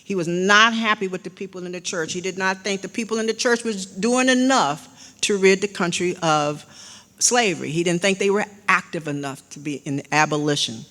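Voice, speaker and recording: A woman's voice: on the low side, fairly bright tone. Older woman lecturing in echoing hall. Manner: conversational, with frequent fillers and restarts, cueing slides with "next". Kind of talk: slide-show history lecture. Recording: long hall reverb.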